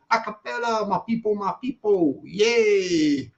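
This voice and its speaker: A man's voice: sits high, unhurried, creaky, dull audio. A man hosting a casual live stream, chatting and repeating himself as he calls viewers darling.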